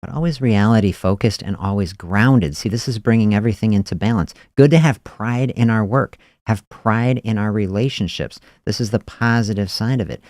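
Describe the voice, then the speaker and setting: A man's voice: on the low side, moderate pace, few pauses, a little mellow, no room sound, clean studio sound. A man hosting a podcast, musing in a reflective spoken monologue and often adding "you know" and "see". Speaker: podcast host.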